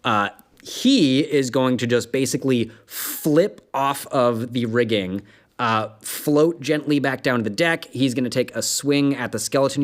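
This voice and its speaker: A man's voice: mid-range voice, fairly bright tone. Guy dming a tabletop game, loose and chatty, lots of ums and laughs. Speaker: dungeon master.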